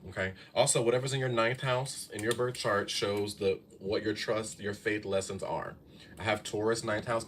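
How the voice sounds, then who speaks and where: A man's voice: fairly low pitch, very noisy. A man in his thirties giving casual astrology advice on a live stream, talking to viewers in a chatty way and often checking in with "okay?". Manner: chatty, keeps saying "okay?" and "y'all". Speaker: astrology and tarot reader.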